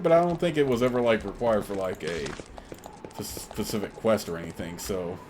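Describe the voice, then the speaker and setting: A man's voice: lowish voice, a little fast, very noisy. A man casually commenting on a game he plays, rambling and restarting as he goes. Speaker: let's play host.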